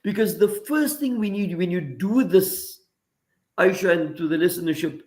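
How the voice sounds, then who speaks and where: This man has a high voice for a man, and he speaks in an earnest, preacherly way. He gives radio commentary and lays out everyday examples one after another. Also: animated, normal speed, darkish tone. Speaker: regular guest commentator. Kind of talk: radio talk segment, reflective commentary.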